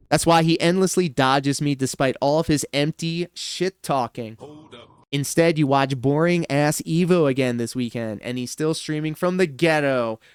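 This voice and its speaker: A man hosting a livestream reaction show, commenting casually with sarcasm and sudden animated outbursts. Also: medium pitch, clear, resonant tone, dry recording, clean studio sound. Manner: animated, sarcastic, bursts into shouts and laughter.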